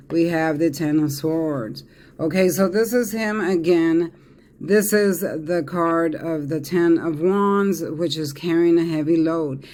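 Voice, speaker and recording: A man's voice: on the high side, a little mellow. A man giving a casual tarot reading, talking emphatically and repeating himself with fillers and restarts. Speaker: tarot reader.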